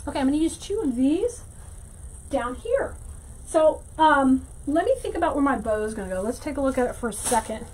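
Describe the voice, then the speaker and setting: A woman hosting a casual crafting livestream, chatting warmly to viewers and greeting them by name as she works. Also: high-pitched, lively intonation, brisk, poor audio. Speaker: livestream host teaching wreath making.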